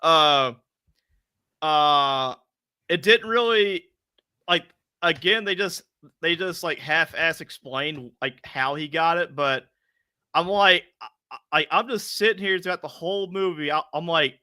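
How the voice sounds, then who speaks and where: A man's voice: fairly high pitch, measured pace, pushed and bright, clear, resonant tone. A man co-hosting a casual movie review podcast, rambling with many fillers. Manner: rambling, heavy on fillers like 'like'. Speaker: podcast co-host.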